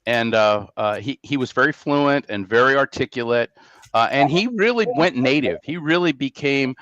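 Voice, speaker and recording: A man's voice: mid-range voice, expressive, normal speed, a bit bright, dry recording. A man hosting a casual podcast chat, talking in a hesitant way with many restarts. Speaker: podcast host. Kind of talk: casual conversation. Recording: dry, muffled mic sound.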